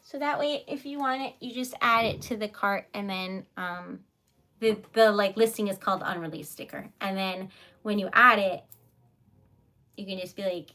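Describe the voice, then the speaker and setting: A young woman hosting a casual livestream, chatty and giggly, sometimes dropping into soft whispers as she reads comments. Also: mid-range voice, normal speed. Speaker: livestream host selling typewritten poetry.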